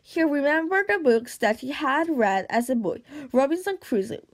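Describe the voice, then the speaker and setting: Woman narrator for an audiobook, high voice, steady read with a few slips. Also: normal speed. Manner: steady reading with occasional stumbles and restarts. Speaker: audiobook reader. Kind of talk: audiobook reading.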